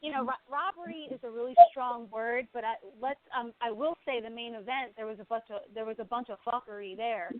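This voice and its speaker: A woman's voice: a little high, fairly quick, few pauses, a loud crowd. Blunt, opinionated woman talking boxing. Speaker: boxing show co-host. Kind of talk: casual sports chat. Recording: tinny phone-like sound.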